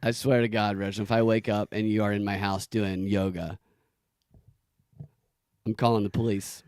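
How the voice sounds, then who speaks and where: A man hosting a streamed comedy talk show, needling his guest with teasing, deadpan questions. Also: on the low side, normal speed, dry recording, clean studio sound. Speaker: streamer host. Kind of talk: casual comedic chat.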